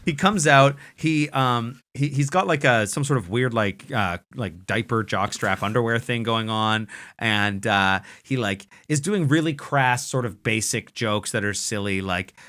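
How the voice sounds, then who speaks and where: Male comedy podcast host, bright middle-pitched voice, chatty, rambling storyteller. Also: measured pace. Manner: rambling, lots of fillers and restarts. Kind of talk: casual chat, storytelling.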